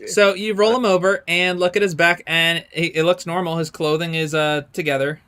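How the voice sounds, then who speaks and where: A man's voice: fairly high pitch, fairly even intonation, normal speed, sharp tone, smooth. A man running a tabletop game as game master, describing scenes with frequent ums and restarts.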